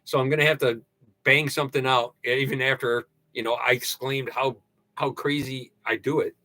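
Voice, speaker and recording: An older man hosting a casual livestream, ranting and joking with sudden loud outbursts. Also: medium pitch, fairly even intonation, normal speed, dry recording. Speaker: livestream host. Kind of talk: casual livestream rant and sign-off.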